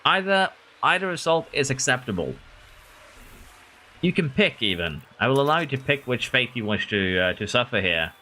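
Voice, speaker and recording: Male streamer, excitable live commentary, bright tone. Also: mid-range voice, normal speed. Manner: excitable, talks to drivers and chat. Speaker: gaming streamer.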